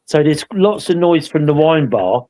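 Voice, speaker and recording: A man tells a story in a loose, rambling way and keeps checking for agreement with tag questions. His voice sits a little higher than most men's. He sounds like an easygoing co-host chatting on a live show. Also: big pitch swings, normal speed, mellow, low-quality recording. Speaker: paranormal investigator co-hosting a live show. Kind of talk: casual anecdotal storytelling.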